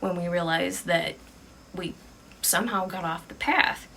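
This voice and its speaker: A woman's voice: lowish voice, measured pace, gravelly, sharp tone, a little hiss or hum, exaggerated voice. A woman voicing a young woman camper who is lost and puzzled, speaking in an urgent, disbelieving way.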